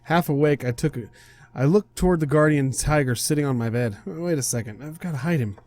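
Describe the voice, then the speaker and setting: A young game streamer casually reads a visual novel aloud, stumbling over words, laughing, and correcting himself. His voice is a little high and a little mellow, and he speaks briskly.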